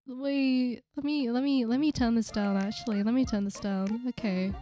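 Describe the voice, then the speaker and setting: A woman streaming a game live, reading the story text aloud and reacting with excited, startled exclamations. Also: sits high, normal speed, few pauses, faint music behind.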